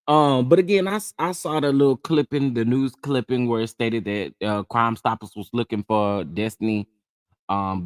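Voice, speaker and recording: A man's voice: mid-range voice, dry recording. Male livestream host, slightly sick, chatty and drawling, dry close-mic sound. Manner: chatty, greets viewers by name, drawling asides. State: under the weather. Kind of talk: casual live chat.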